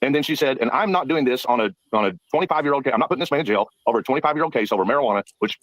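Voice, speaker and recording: A man's voice: mid-range voice, expressive, racing, fairly bright tone, no room sound, low-quality recording. A man arguing heatedly as a panel guest, indignant and combative. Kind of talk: heated debate.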